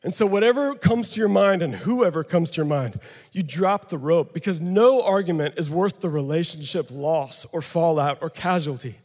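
A man preaches to a gathered audience, holding a handheld mic and joking with the crowd. His voice sits high and carries a long reverb from the big hall around him. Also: moderate pace, a little mellow. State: out of breath. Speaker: pastor. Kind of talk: sermon with live demonstration.

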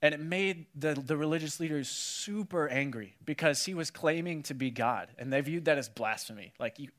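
A man preaching a casual sermon, telling the story with animated energy and acting out what people said. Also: on the high side, moderate pace. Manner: animated storytelling, acts out quotes, many "like"s. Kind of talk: casual sermon to a youth audience.

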